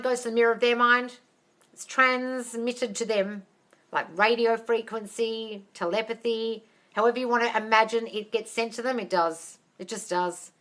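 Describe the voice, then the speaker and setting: A woman's voice: mid-range voice, a bit bright. A woman hosting a live-stream Q&A as a manifestation coach on a phone. She talks chattily and emphatically, calls her viewers darling and laughs often.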